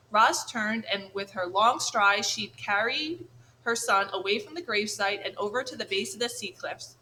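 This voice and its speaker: A woman narrating a children's audiobook in a clear, measured way. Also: medium pitch, bright, forceful tone, slight background noise, rough recording.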